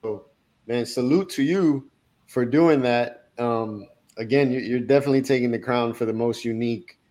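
Relaxed, encouraging male podcast host. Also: medium pitch, normal speed. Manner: relaxed and encouraging, with fillers like "right?". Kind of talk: casual interview chat.

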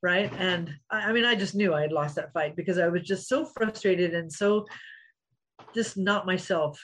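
Husky-voiced woman telling fight stories. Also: lowish voice, moderate pace, poor audio. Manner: animated storyteller, acts out quotes, laughs often. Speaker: interview guest, former fighter. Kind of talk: storytelling interview.

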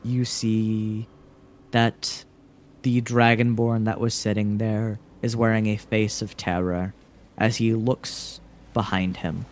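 A man runs a tabletop game and lays out each scene with deliberate, dramatic narration. His voice sits fairly low and he takes his time. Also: flat delivery. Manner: measured, dramatic scene-setting. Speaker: game master.

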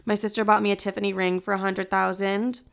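Podcast host, woman in her 20s from Chicago: chatty, casual swearing, smooth voice with a gravelly edge. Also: mid-range voice, level tone, fast talker. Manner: chatty, fills talk with "like" and "literally", swears casually. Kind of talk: casual chat.

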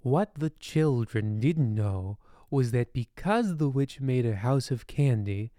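A man narrating a comic bedtime story in a deadpan, rambling way with ominous asides. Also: medium pitch, no room sound, clean studio sound.

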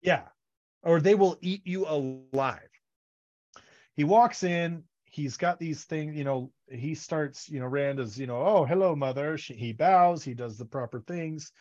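A man's voice: on the high side, measured pace, a little mellow, muffled recording. A man co-hosting a podcast, chatting casually about a book series and acting out characters' lines in funny voices. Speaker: podcast co-host.

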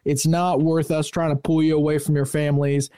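Man, somewhat high voice, chatty podcast co-host, dry video-call sound. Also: fairly quick, clear, resonant tone, no room sound. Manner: chatty, joking, energetic. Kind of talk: casual podcast announcements.

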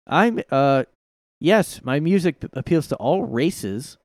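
A man doing a mocking impression of a female pop singer, speaking higher and more emphatically than he normally does. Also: sing-song, takes it slowly, dry recording. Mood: defensive.

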